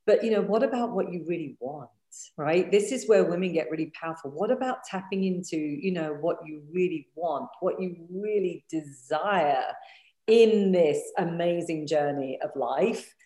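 A woman's voice: fairly low pitch, moderate pace, dark tone. A woman hosting a podcast interview, talking in an affirming, encouraging way. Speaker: podcast host. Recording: echoey room.

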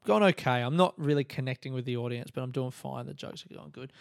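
A man in his thirties, a comedian hosting his own podcast, telling stories in a sweary, ranting, animated way. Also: mid-range voice, fast talker, creaky, clear, resonant tone, dry recording, clean studio sound. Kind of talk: casual solo podcast storytelling.

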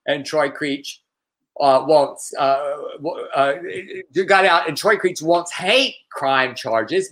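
Guy cohosting a podcast, highish bright voice, chatty and campy. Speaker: podcast co-host. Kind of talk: casual chat, news banter.

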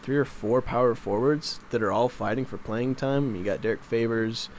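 A man's voice: medium pitch, moderate pace, slight background noise. A man in casual sports chat, rambling and mildly exasperated as he makes his points.

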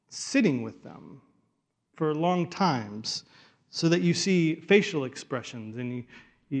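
A male pastor preaching in an earnest, conversational tone, letting phrases fall off softly as he goes. His voice sits somewhat high for a man. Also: vocal fry. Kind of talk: sermon.

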